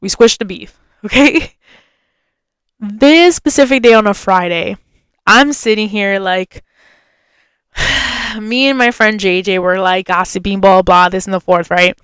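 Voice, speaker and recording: A young woman hosting a podcast, telling a story in a chatty, animated way with lots of fillers and quoted voices. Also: mid-range voice, a little slow, pauses often, smooth, no room sound, studio quality. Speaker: podcast host. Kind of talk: casual storytelling.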